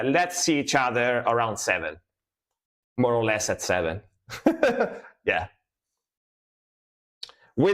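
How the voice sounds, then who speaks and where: A man's voice: lowish voice, a bit bright. A man from Italy with an Italian accent, a music reaction streamer chatting casually on a livestream, explaining at length with many fillers.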